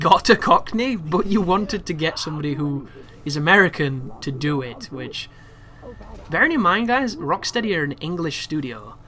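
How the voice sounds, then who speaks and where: A young man talks over his gameplay in a casual, rambling walkthrough. His voice sits a little high and sounds bright and forceful. He gets excitable and swears freely as he chats to his viewers. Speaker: gameplay commentator. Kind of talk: casual game walkthrough commentary.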